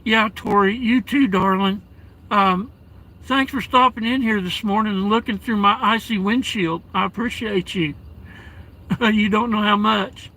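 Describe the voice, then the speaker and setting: On poor audio, a live streamer with a high, bright voice chats casually from inside his parked vehicle at home while a blizzard blows. He reads out the chat, addressing viewers as darling and brother, and speaks haltingly with lots of restarts and gentle fillers.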